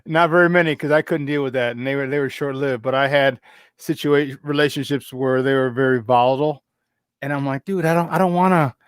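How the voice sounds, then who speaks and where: A young man hosting a casual sports talk show, joking and laughing a lot as he tells stories and acts out high-voiced quotes. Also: steady tone, fairly quick, smooth, no room sound. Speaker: radio sports talk host. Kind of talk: casual chat.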